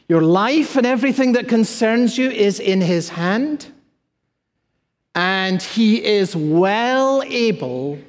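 A male pastor preaching in an emphatic, repetitive cadence. His voice sits high for a man, and it carries a long reverb tail through a large hall. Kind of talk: sermon.

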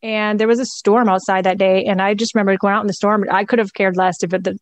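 A woman's voice: medium pitch, steady tone, fast talker, no room sound. A middle-aged woman, a guest in an interview, candidly and reflectively telling a personal story with a laugh now and then.

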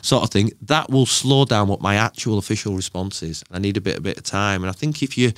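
A man's voice: on the low side, brisk, no echo, studio quality. A man talking casually as a podcast guest, telling stories with lots of life and acting out the lines of others as he quotes them. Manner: animated storyteller, acts out quoted exchanges.

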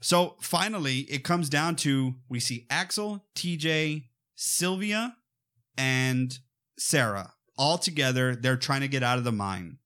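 A man co-hosting a casual podcast about a movie, talking in an animated way and often slipping into quick quoted voices. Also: mid-range voice, smooth. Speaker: podcast co-host.

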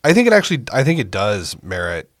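A man's voice: on the low side, huge pitch swings, quick pace, no room sound, studio quality. A man co-hosting a political podcast in casual chat, with wry, sardonic asides. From Oklahoma. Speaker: podcast co-host.

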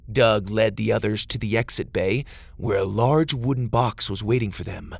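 A man narrating a children's story in a gentle, steady storytelling manner. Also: lowish voice, moderate pace, vocal fry, no echo.

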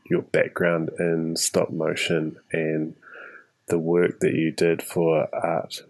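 New male host, deep gravelly voice, measured reflective questions. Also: monotone, dry recording, poor audio. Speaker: interviewer.

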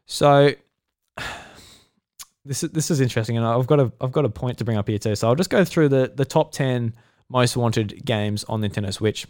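An Australian man talks through news on his solo podcast. He rambles casually, stops to restart his sentences and fills gaps with "uh" and "um". His voice sits at a middling pitch and sounds dry and close to the mic. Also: normal speed, darkish tone, dry recording. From South Australia. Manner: rambling, many fillers and restarts. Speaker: podcast host.

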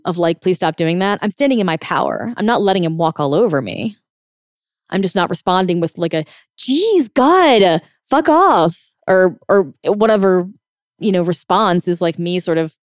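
A blunt woman relationship coach talks through advice in a loose, chatty monologue. Her voice sits on the low side and sounds smooth and clear, recorded dry with no room sound. She laughs often and acts out the reactions she quotes. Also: a little mellow, dry recording. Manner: frank and blunt, with occasional swearing.

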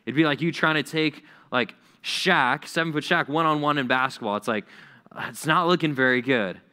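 A man's voice: on the high side, moderate pace, pushed and bright, smooth. A male pastor preaching a sermon in a conversational, emphatic way, repeating key words for effect.

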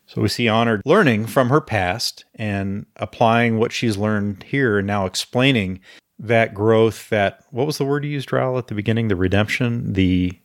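A man co-hosting a book discussion podcast, reading passages aloud with relaxed asides. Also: fairly low pitch, moderate pace, no room sound, studio quality. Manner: reads passages aloud with asides, some filler "uh". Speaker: podcast co-host.

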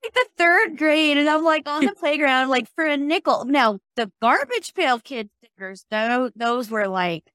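A woman with a high, bright-pitched voice hosts a podcast in easy, casual chat. She talks in an animated way, stacking up fillers and restarting her sentences. The sound is close and dry, with no room around it. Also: unhurried, few pauses, no room sound. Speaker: podcast host. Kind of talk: casual conversational interview.

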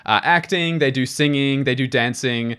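A man's voice: medium pitch, a bit bright, clean tone. Enthusiastic man chatting. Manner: enthusiastic, rambling, quick asides. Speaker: podcast co-host. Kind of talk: casual chat.

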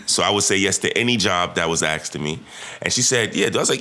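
A man's voice: sits low, quick pace. A young man in his twenties, a podcast guest, telling a story casually and with energy, acting out what people said. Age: 20s. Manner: animated, rhythmic storyteller, acts out quotes.

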